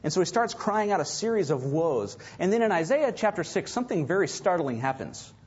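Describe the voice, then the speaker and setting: A man preaching a sermon, swinging dramatically from loud to hushed. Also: high voice, big pitch swings, fairly quick, husky. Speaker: pastor. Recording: dull lo-fi recording.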